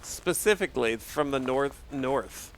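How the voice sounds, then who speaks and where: A man's voice: mid-range voice, lively intonation, a little slow, a little hiss or hum. A male streamer giving live commentary on a game, reacting aloud and chatting with his viewers.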